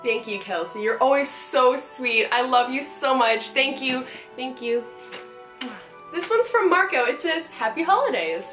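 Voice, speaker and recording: A woman's voice: high voice, lively intonation, normal speed, few pauses, fairly bright tone. A young woman chatting casually to camera as she opens fan mail, bubbly and gushing, laughing often. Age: young adult. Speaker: cosplay vlogger opening fan mail. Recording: roomy, distant mic, music behind.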